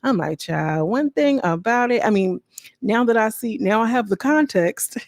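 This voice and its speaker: A woman's voice: a little high, expressive, normal speed, no room sound. Sassy chatty woman, dry close sound. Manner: chatty, sassy, talks straight to viewers. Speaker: podcast host. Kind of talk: casual gossip recap.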